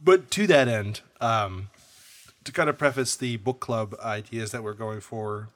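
A man's voice: on the low side, measured pace, no echo. Playful, joking young male podcast co-host. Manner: playful, jokey asides. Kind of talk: casual chat.

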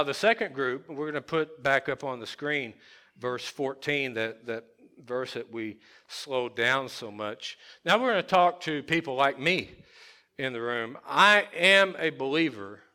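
A man preaching a sermon at a church service, emphatic and repetitive, swinging between loud declarations and hushed lines. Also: a little high. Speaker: pastor.

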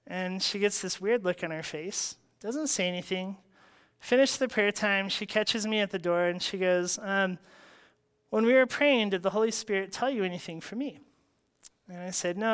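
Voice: medium pitch, a bit bright, clean tone. House church leader, conversational storyteller who acts out both sides of a talk and laughs often. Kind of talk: personal faith story.

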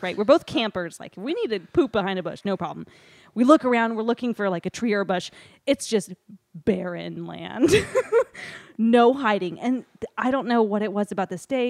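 A woman's voice: mid-range voice, no room sound, clean studio sound. Woman telling a story, laughing. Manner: laughing often, animated retelling with quoted dialogue. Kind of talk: casual storytelling.

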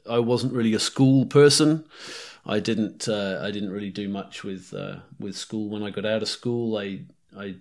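A man in his forties with a blended New Zealand accent that drifts toward British, South African and Canadian. He talks in a rambling, chatty way, full of fillers. His voice sits a little low. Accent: mixed New Zealand, British, South African and Canadian. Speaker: guest, firearms instructor. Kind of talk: casual interview chat.

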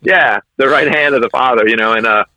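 Animated man spinning fire-station stories. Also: mid-range voice, a little fast, rough recording. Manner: animated storyteller who acts out quotes. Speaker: fire officer guest. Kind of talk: conversational storytelling interview.

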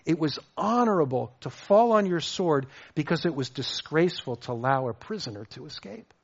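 A man preaching a sermon as pastor, lively and repeating words as he restarts his thoughts. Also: on the high side, moderate pace, vocal fry, husky. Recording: dull lo-fi sound.

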